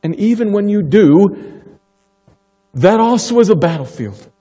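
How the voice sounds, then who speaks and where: A male pastor delivers a sermon with a mellow, dark tone, slowing deliberately on the words he wants to land. His unhurried delivery rings out in a church sanctuary with a long hall reverb. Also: high voice, animated, husky. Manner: emphatic, slows down to stress key phrases.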